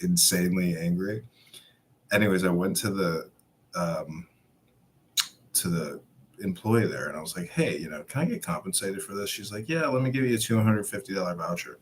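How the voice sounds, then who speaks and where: A man's voice: low-pitched, slightly rough. A man telling a rambling travel anecdote in casual chat, acting out the other people's lines and laughing along. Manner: animated anecdote-telling with acted-out quotes and laughs.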